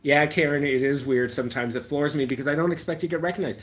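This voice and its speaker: A man's voice: fairly high pitch, fairly even intonation, quick pace, a bit bright. A man chatting casually on a live stream and answering viewer comments, rambling with ums and letting his sentences trail off into a mumble. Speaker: slot-machine YouTuber hosting a live chat.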